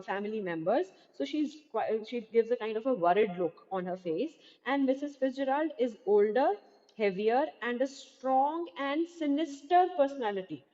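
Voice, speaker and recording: A woman's voice: a little high, a little mellow. A woman teacher explaining a play line by line in an online class, asking her students questions, over dull, roomy computer-mic audio. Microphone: computer mic in video class.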